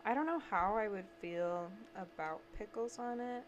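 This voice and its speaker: Animated young woman telling stories. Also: mid-range voice, normal speed, slight background noise. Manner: animated storyteller, laughs often. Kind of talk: casual chat.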